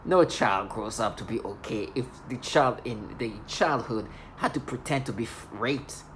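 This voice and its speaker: A woman's voice: extremely low pitch, lively intonation, normal speed, a little hiss or hum. A woman in an agitated, accusatory monologue, rambling and restarting as she vents to the camera. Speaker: video blogger.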